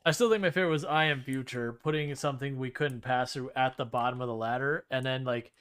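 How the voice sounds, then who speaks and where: A man's voice: medium pitch, fast, clear, resonant tone. A man streaming a game, chatting casually and wryly while he plays and thinks aloud. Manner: relaxed, wry, thinks aloud while playing. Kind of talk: casual gameplay chat.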